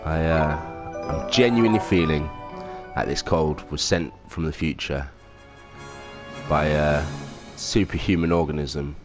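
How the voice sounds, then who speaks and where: A man's voice: extremely low pitch, measured pace. A man hosting a casual let's play at home, rambling and self-mocking with lots of ums. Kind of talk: casual gameplay commentary. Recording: game music underneath.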